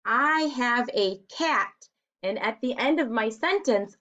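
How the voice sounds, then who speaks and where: A woman teacher speaks slowly and deliberately, the way you talk to young children learning to write. Her voice sits a little high. The recording is dull and lo-fi. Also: expressive, sharp tone. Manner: slow, deliberate, encouraging classroom delivery.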